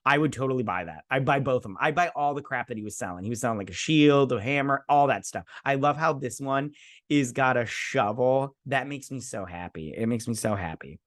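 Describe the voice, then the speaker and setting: A man's voice: medium pitch, animated, brisk, fairly bright tone, no room sound, clean studio sound. A man hosting a casual episode recap, rambling and digressive, full of fillers and side stories. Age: adult parent. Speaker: show host reviewing an episode.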